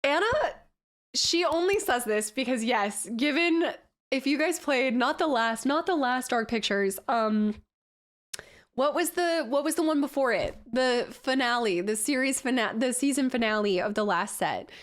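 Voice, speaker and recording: Chatty woman streamer with a high voice. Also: expressive, moderate pace. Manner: chatty, laughs often, self-deprecating. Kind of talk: casual live-stream reaction.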